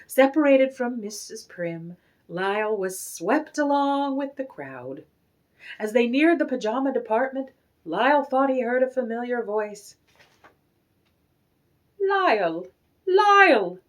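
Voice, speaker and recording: A woman reading a children's picture book aloud with expressive, animated storytelling. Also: fairly high pitch, a little slow.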